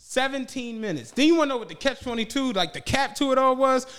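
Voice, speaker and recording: A male podcast co-host spinning a long, animated tale in casual banter. His voice sits fairly high for a man, and he swears freely, laughs through his own punchlines and acts out everyone's lines. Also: fast, clean tone. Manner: animated, profane, laughs often, acts out quoted dialogue. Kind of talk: casual storytelling chat.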